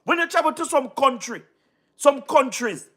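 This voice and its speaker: A man from Jamaica with a Jamaican Patois accent, livestreaming casually, giving shout-outs to viewers and repeating himself emphatically. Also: very high voice, expressive, moderate pace. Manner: repetitive, keeps asking "you understand what I mean", emphatic. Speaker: YouTube live streamer.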